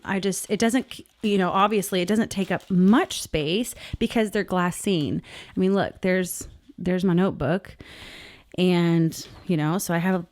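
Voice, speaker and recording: A middle-aged woman talks through her art journal in a relaxed, rambling way, warm and heartfelt. Her y'all-filled chat moves from page to page like she's with a friend. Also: mid-range voice. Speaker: journaling artist, channel host.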